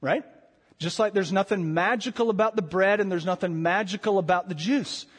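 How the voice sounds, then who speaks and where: Male pastor, conversational preacher with a high voice; long sanctuary reverb. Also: normal speed. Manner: conversational preaching with emphatic repetitions. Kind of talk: sermon. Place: church sanctuary.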